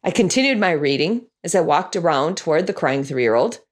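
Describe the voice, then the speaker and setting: Telling a story to an audience about her children's Bible class, this woman speaks a little fast in a low-pitched voice. She animates the tale by performing lines and sound effects in voices.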